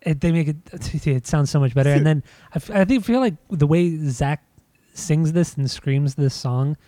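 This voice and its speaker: A man's voice: fairly high pitch, normal speed, dark tone, no echo. A man co-hosting a casual music discussion, insistent and restarting his sentences often. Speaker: podcast co-host.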